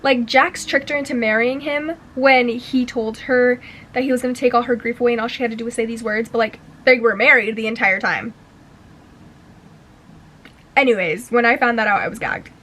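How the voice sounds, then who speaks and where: A woman's voice: fairly high pitch, normal speed, sharp tone, poor audio. A young woman giving a casual book review in a gushing, slangy, profane way. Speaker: book vlogger.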